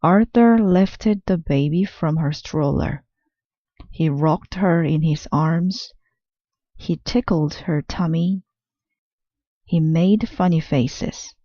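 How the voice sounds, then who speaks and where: A woman reading a children's picture book aloud with slow, careful, clear storytelling. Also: sits low, mellow, no room sound, muffled recording.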